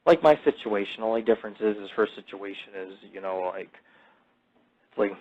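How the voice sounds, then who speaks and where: A man's voice: fairly low pitch, moderate pace. A man hosting a podcast, telling crude stories in a boastful, profane, rambling way full of fillers. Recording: dull lo-fi audio.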